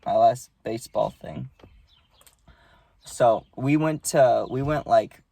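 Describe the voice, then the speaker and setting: A man's voice: medium pitch, slow pace, gravelly, warm tone, dry recording. A young man casually telling a story to camera, rambling and swearing, with lots of "you know" and "right".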